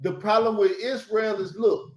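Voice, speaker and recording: A man's voice: high voice, steady tone, moderate pace, echoey room. A man, hosting a casual talk and telling stories in a blunt, profane way. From Southern United States. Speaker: host. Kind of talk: casual chat.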